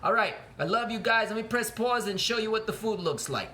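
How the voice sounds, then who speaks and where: A man with a notably high voice teaches cooking to his students from his home kitchen, speaking to a handheld camera. He is playful and talkative, joking with the kids as he works, with a faint hum of noise behind him. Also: expressive, a little fast, sharp tone. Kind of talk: casual cooking demonstration for students. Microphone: camera held by a cameraman.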